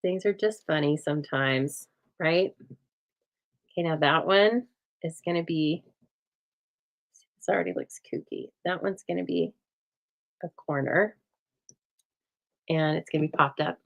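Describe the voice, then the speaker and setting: Woman craft-demo host, low-pitched and soothing, chatty with a deadpan streak, recorded on a phone. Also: unhurried, vocal fry, long pauses, lo-fi sound. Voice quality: calm, soothing voice. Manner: chatty, laughs often, dry deadpan humor. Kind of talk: casual chat during a craft demo.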